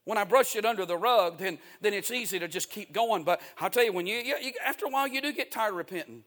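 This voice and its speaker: A man's voice: high-pitched, expressive, quick pace, a bit bright. A male pastor preaching a sermon in a folksy, emphatic way, repeating key phrases.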